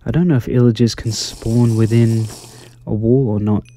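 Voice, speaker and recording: Mellow soft-spoken man, gentle game commentary. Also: medium pitch, steady tone, normal speed. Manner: gentle, quaint exclamations, easily flustered. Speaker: gaming YouTuber.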